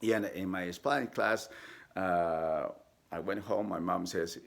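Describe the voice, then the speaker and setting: Guy with a really low gravelly voice telling his life story, lots of uh and restarts. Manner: halting, many fillers and restarts; acts out quoted people with sudden high voices. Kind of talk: personal storytelling.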